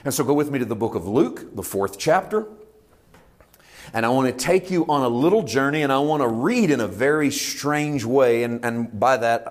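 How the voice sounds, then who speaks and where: A man preaching a conversational sermon, animated, swinging between loud excited bursts and quiet low asides.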